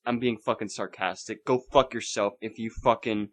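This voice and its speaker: A man's voice: medium pitch, animated, moderate pace. A young man co-hosting a podcast in casual chat, ranting and swearing with sarcasm. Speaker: podcast co-host.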